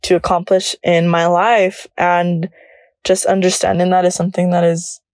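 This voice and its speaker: A woman's voice: fairly low pitch, level tone, normal speed, darkish tone, no echo, clean studio sound. A woman in her early twenties hosting a solo podcast, chatting in a bubbly way, laughing often and slipping between English and Spanish. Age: early 20s. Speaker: podcast host.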